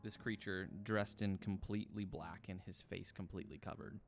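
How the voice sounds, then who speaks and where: Low gravelly game master narrating. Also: male voice, steady tone, moderate pace, over music. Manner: loose, filler-heavy narration.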